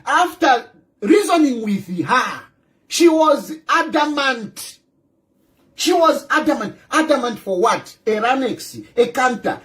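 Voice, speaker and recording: A political commentator with a Zambian accent delivers a ranting monologue on politics in an extremely high-pitched, fierce and animated voice that rises and falls. He hammers his points through repetition and rhetorical questions aimed at the listener, mixing local-language phrases into his English.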